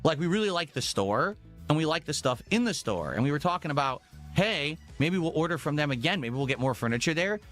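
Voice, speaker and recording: A man with a somewhat high voice chats casually as a co-host. He rambles through his complaints with an exasperated edge. Faint music plays behind him. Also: big pitch swings, fairly quick, fairly bright tone. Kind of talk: casual chat.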